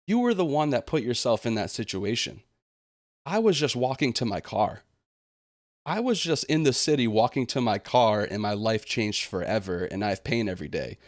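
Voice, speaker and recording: A man's voice: medium pitch, lively intonation, moderate pace, no room sound, clean studio sound. A young man venting in a vlog monologue, aggrieved and indignant, slipping into sarcastic mocking quotes. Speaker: gaming channel host.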